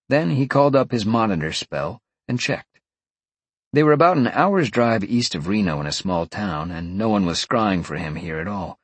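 A man's voice: lowish voice, husky, dry recording. A man reading a fantasy novel aloud as an audiobook narrator, telling the story expressively. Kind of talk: scripted narration.

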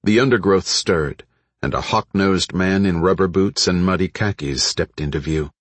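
A man narrating an audiobook in a steady, measured way. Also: sits low, dry recording. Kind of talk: scripted narration.

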